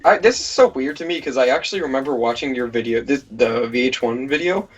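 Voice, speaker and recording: Man, podcast co-host, casual chat, teasing, rapid, husky, lo-fi dull mic, faint music. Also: mid-range voice, animated. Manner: quick, teasing banter.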